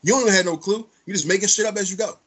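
A man's voice: sits high, racing, a bit bright, breathy edge. A man co-hosting a podcast, telling stories in blunt, profane casual chat. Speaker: podcast co-host.

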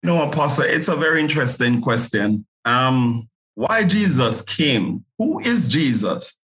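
A man's voice: mid-range voice, lively intonation, unhurried, a bit bright, poor audio. An earnest male pastor with a Jamaican accent, guesting on a podcast. He speaks in a preaching manner and stumbles over repeated words as he builds toward a point. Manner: earnest, repeats words when starting a thought.

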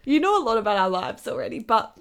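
A woman co-hosting a podcast, telling stories in a giggly, animated way. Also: a little high, fast, clear, resonant tone. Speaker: podcast co-host. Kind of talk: casual chat.

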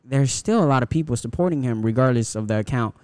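Smooth-voiced young man, casual podcast host. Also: mid-range voice, expressive, quick pace, darkish tone, dry recording, clean studio sound. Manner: rambling, profane, lots of restarts.

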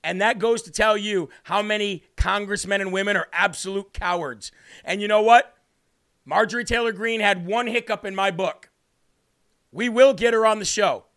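A man's voice: high voice, moderate pace, a bit bright. A man hosting a political commentary show, combative and mocking, with emphatic delivery. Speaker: host.

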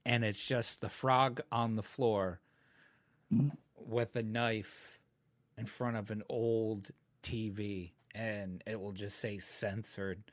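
A man's voice: lowish voice, level tone, takes it slowly. A man riffing on absurd comic ideas in casual chat.

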